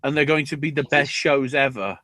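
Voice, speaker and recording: A man's voice: medium pitch, brisk, no room sound. Sweary man on a dry mic. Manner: sweary, bursts into excited shouts. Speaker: podcast co-host. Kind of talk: casual chat.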